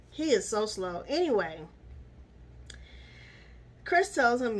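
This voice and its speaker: A woman giving sassy, animated commentary while she recaps a reality TV episode and scolds its cast. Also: on the high side, slow, long pauses.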